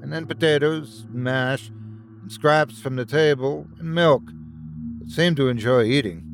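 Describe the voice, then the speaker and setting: A man's voice: mid-range voice, unhurried, creaky, over music. Give me an eager, polite young crewman, read by a man. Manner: eager and deferential. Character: eager young male crewman, the creature's owner.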